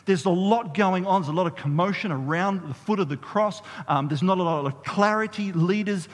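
Animated high-voiced man preaching a sermon. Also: normal speed. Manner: animated, conversational preaching with audience call-and-response. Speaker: pastor. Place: church hall. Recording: long reverb of a church hall.

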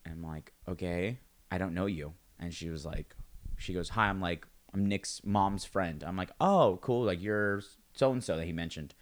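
A man's voice: sits low, moderate pace. A man who does stand-up comedy, chatting casually and acting out quoted voices as he tells a story. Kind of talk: casual chat.

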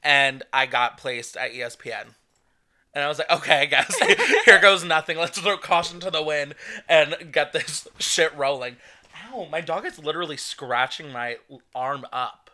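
A man's voice: fairly high pitch, expressive, moderate pace, pushed and bright. A young man co-hosting a casual podcast chat, telling stories animatedly and acting out other people's voices. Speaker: podcast co-host.

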